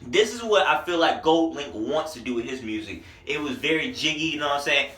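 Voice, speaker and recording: Bright-voiced man reviewing an album. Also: on the high side, a little fast, hardly any pauses, slight background noise. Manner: animated, slangy, hypes lines excitedly. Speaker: music reviewer. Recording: roomy, distant from the mic.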